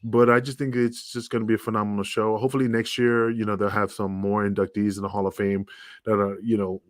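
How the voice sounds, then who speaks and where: Male co-host, lowish voice, casual stammering ramble, dry sound. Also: flat delivery, fast, no echo. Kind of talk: casual chat.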